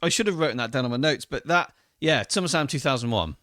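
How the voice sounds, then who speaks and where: A man's voice: medium pitch, animated, fast talker, bright, forceful tone, no room sound, studio quality. A man hosting a podcast interview, reacting eagerly and encouraging his guest. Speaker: podcast host. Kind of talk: casual interview.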